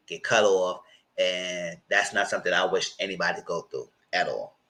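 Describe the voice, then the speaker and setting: A man's voice: fairly bright tone, rough recording. A man in casual recap commentary on a reality show, chatty and conversational, speaking. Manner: chatty and conversational, breaks into high mock voices when quoting.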